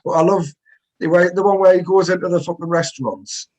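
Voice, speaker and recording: A man's voice: high voice, steady tone, fairly quick, a little mellow, a little hiss or hum. A man co-hosting a casual, sweary chat outdoors at a barbecue, telling stories with animation. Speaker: co-host. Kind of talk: casual banter.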